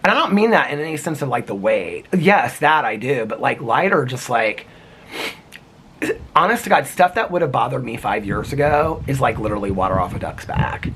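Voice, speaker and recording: A man's voice: medium pitch, very animated, normal speed, a bit bright, husky. A man vlogging outdoors in the cold, talking to camera in an earnest, rambling way with lots of "like" and restarts. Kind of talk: casual reflective talk to camera.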